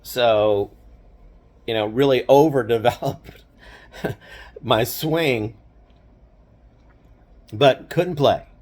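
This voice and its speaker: A man's voice: medium pitch, very slow, pauses often, darkish tone. An older man casually reminiscing, rambling with lots of "you know" and "right?" and frequent chuckles. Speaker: storyteller.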